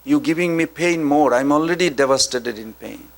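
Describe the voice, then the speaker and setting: A man's voice: a little high, normal speed, creaky. A man acting a devastated mother who answers in a weary, pleading way. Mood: grieving. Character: grieving mother, devastated but calm.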